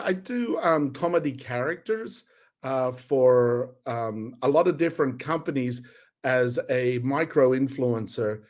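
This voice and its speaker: A man's voice: medium pitch, a little mellow. A man talking casually as a guest on a live show about his comedy work.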